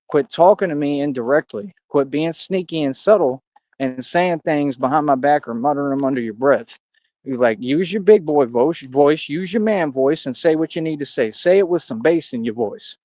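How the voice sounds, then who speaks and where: A man's voice: on the high side, darkish tone, dry recording, muffled recording. A man in a rambling livestream rant, boastful and combative, talking straight at his critics. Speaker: streamer.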